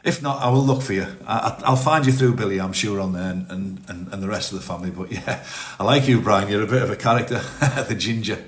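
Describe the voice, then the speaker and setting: A talkative British man with a mixed Welsh, Manx and Teesside accent and a slightly low voice, chatting loosely on a phone live stream and answering comments. He rambles warmly from topic to topic. The sound has a noticeable roomy echo from his home. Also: quick pace. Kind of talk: casual live-stream chat. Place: home in Spain.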